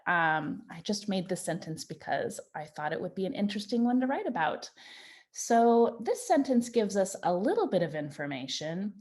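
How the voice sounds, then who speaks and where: Woman, children's writing teacher, patient and encouraging, mid-pitched, slows down on examples. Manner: slow, patient and encouraging, stretching out example sentences. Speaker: Montessori teacher.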